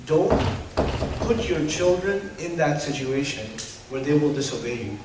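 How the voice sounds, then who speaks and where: A man giving an Islamic lecture to a live audience in an animated, humorous way, full of rhetorical questions. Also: a little high, measured pace. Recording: echoey hall, distant mic.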